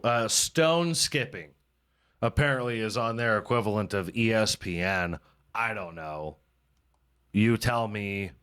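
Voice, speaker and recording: A man's voice: medium pitch, sharp tone. A man hosting a comedy podcast in casual chat, rambling and swearing freely and mocking himself. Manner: rambling, profane, self-mocking. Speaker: podcast host.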